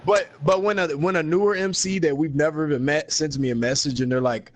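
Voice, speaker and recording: A man's voice: fairly high pitch, steady tone, a little fast, few pauses. Laid-back profane male podcast host. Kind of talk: casual chat.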